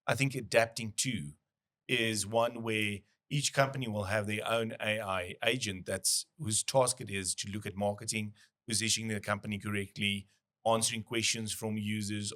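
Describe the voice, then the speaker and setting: A man's voice: fairly low pitch, fairly even intonation, normal speed, fairly bright tone. A man hosting a business podcast, talking casually and thinking aloud with frequent restarts. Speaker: podcast host.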